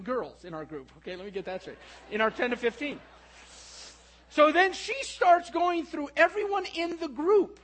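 A middle-aged male preacher with a notably high-pitched voice delivers a sermon. He slips from quiet, hushed reflection into lively, animated storytelling. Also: rough recording.

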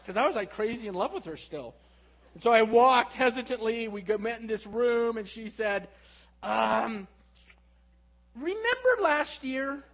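A middle-aged male preacher with a notably high-pitched voice delivers a sermon. He slips from quiet, hushed reflection into lively, animated storytelling. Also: normal speed, vocal fry, poor audio.

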